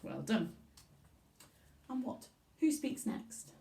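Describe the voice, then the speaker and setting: A woman teaches young children in a slow, sing-song voice that rises and falls a great deal. She sounds encouraging and patient, and she sits back from the microphone in a roomy, echoey space. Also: on the high side, very animated, creaky, warm tone. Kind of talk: online children's literacy lesson. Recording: echoey room, voice from far off.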